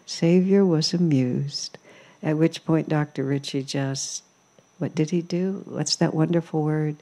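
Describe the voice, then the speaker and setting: A woman gives a spiritual talk in an ashram, telling her stories with amused reflection. Her voice sits low and has a soft, mellow tone. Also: fairly even intonation, a little slow. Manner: warm storytelling, amused, reflective. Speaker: spiritual teacher. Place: ashram hall.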